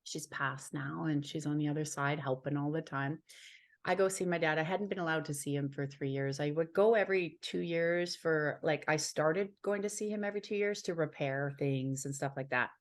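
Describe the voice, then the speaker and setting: A woman's voice: deep voice, moderate pace. Earnest woman healer telling her story. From Ontario, Canada. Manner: earnest, heartfelt, repeats phrases for emphasis. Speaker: guest, healer and psychic. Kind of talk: personal storytelling in a talk show interview.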